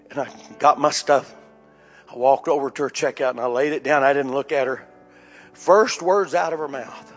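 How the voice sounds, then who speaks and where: A man with a fairly high voice delivers a sermon as a personal story, speaking frankly and conversationally to his listeners. The recording is a bit muffled, with soft music underneath. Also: moderate pace. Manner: candid, conversational storytelling addressing the congregation. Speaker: preacher. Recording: slightly dull recording with faint music behind.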